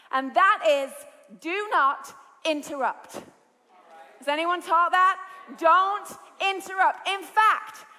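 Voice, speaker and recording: Bright high-voiced British woman preaching. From Britain. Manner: lively storytelling preaching, rising to shouts. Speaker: pastor. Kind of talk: sermon. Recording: large hall with long reverb.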